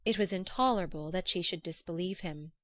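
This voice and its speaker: A woman narrating a classic novel in an audiobook, with a steady, measured reading manner. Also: lowish voice, no room sound.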